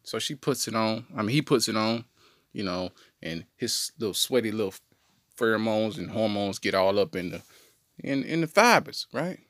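A man telling a comedic story on a podcast in an animated, slangy way. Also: lowish voice, normal speed, no room sound, studio quality. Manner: animated, slangy, jumps into voices. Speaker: podcast co-host.

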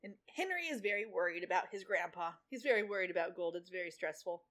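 A woman's voice: on the low side, quick pace. A woman co-hosting a podcast, retelling a TV episode in casual chat with sarcastic asides. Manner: animated storytelling, sarcastic asides. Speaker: podcast co-host.

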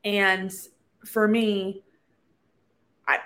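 A woman's voice: mid-range voice, flat delivery, extremely slow, a bit bright. A woman co-hosting a book podcast, talking in a chatty, reflective way with many fillers. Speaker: podcast co-host. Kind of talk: casual book-club chat.

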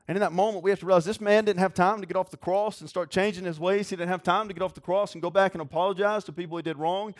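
A man's voice: high voice, fairly even intonation, rapid-fire, few pauses. A man preaching a sermon in a folksy, earnest way. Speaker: pastor.

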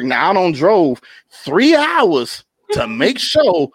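A young man and podcast co-host telling an animated comedic story in casual chat, laughing often and constantly checking in with his listeners. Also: sits high, takes it slowly, breathy edge, no room sound. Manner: animated storytelling with constant laughs and "you know what I'm talking about".

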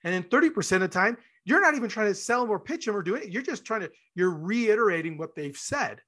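A man's voice: high-pitched, expressive, fast, bright, forceful tone. A man hosting an interview podcast who talks enthusiastically, rambles a little and acts out short scenes. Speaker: podcast host. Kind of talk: interview conversation.

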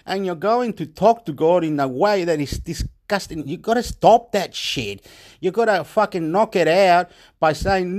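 A man from Chile, talking in a rambling, profane monologue in broken English that jumps between loud and soft. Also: on the high side, normal speed. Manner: excitable, repetitive, swings loud and soft.

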